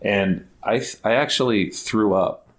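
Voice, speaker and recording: A man's voice: lowish voice, measured pace, slight background noise. A middle-aged man, a guest on a podcast, telling a casual rambling story full of "like" and restarts, acting out the dialogue he quotes. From Ohio, United States. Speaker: guest, basketball academy founder.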